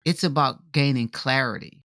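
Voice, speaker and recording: A man co-hosting a podcast in casual talk, animated and filler-heavy, tagging his points with "right?". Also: medium pitch, normal speed, no echo, clean studio sound. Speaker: podcast co-host.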